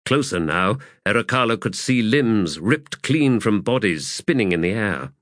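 A man reading a war novel aloud as an audiobook narrator, in measured, steady storytelling. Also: fairly low pitch, dry recording, clean studio sound. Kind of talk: scripted narration.

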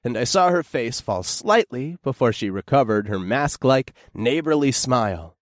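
A young man narrating a first-person horror story in an expressive, tense storytelling manner. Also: mid-range voice, normal speed, no echo, clean studio sound.

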